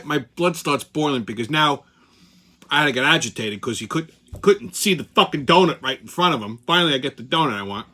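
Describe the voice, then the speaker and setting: A man's voice: medium pitch, bright, forceful tone. A man hosting his own channel, telling a heated, profane story in a casual rant. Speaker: channel host.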